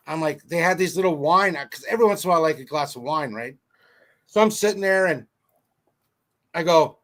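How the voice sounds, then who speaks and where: A man with a high voice spins a casual anecdote. He talks loosely and with animation, the way you would with friends. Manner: chatty storyteller, animated. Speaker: podcast co-host.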